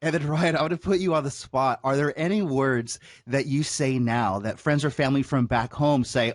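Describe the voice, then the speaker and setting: A man's voice: medium pitch, moderate pace, hardly any pauses, no echo, studio quality. A man hosting an interview podcast, asking his guest chatty, playful questions. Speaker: podcast host.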